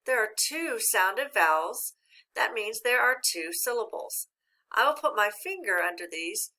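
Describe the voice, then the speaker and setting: A woman teacher giving a slow, patient phonics lesson, speaking clearly and sounding out each syllable. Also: a little high, lively intonation, sharp tone. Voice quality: clear, deliberate enunciation of syllables.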